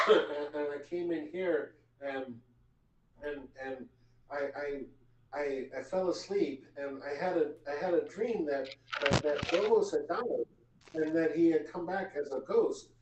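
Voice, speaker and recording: A man's voice: on the high side, slow, recorded from a distance, lo-fi sound. A man voicing a flustered, tearful woman who stammers, repeats herself and rambles in shock during a live tabletop game. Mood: shaken, rambling. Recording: roomy, from off the mic.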